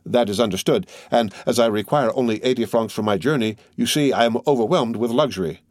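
A man's voice: medium pitch, fairly quick, no room sound, clean studio sound, natural voice. A man voicing an earnest, resolute young man reassuring his mother in a storybook reading. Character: earnest young man, proud and devoted son.

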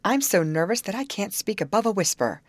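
A woman's voice: mid-range voice, big pitch swings, brisk, dry recording. A woman voicing a timid, nervous young girl in a storybook reading.

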